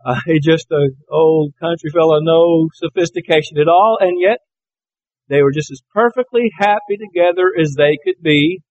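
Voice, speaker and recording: A man's voice: a little high, moderate pace, dry recording, lo-fi sound. A man from Alabama preaching a sermon, telling folksy, anecdotal stories. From Alabama, USA.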